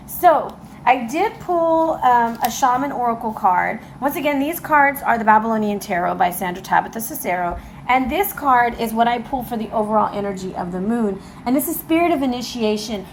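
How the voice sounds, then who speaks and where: A woman giving a casual tarot reading to camera, excitable and emotional, talking straight to her viewers. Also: fairly high pitch, a little hiss or hum, poor audio. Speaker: tarot reader. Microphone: camera mic.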